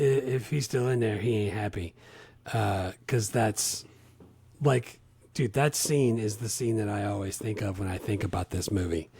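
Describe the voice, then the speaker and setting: A man co-hosting a casual movie podcast, enthusiastic but often dropping low and quiet at the ends of lines. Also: vocal fry, slightly rough, no room sound. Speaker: podcast co-host.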